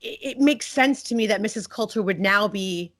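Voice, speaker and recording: A woman's voice: mid-range voice, normal speed, a bit bright. A woman co-hosting a fan podcast, chatting enthusiastically about a TV episode and laughing often. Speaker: podcast co-host. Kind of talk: casual fan discussion.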